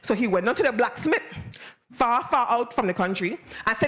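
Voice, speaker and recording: A woman with a Virgin Islands Creole accent telling a folktale aloud in a lively, call-and-response way. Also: a little high, moderate pace. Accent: Virgin Islands Creole English. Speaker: storyteller.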